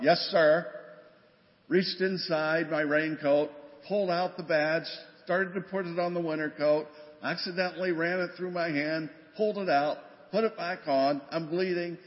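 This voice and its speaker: An older man recounts his rookie police days in plain, conversational storytelling, slipping into bits of quoted dialogue. His voice sits a little high. A long church reverb trails his words on a dull recording. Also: normal speed. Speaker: guest speaker, former police officer. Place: church sanctuary.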